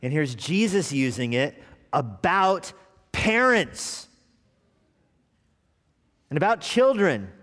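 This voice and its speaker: Animated preacher in a reverberant church. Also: male voice, a little high, slow pace, long pauses. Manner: animated preaching, dropping to quiet asides. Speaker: pastor. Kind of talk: sermon. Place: church sanctuary. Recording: long reverb of a church hall.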